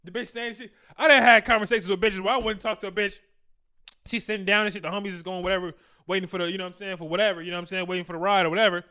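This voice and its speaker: A high-voiced man fires off crude, boastful dating advice in a casual monologue, rapid and forceful, his bright, clean tone keeping a fairly even intonation. Full of slang and laughter, he acts out his own conversations.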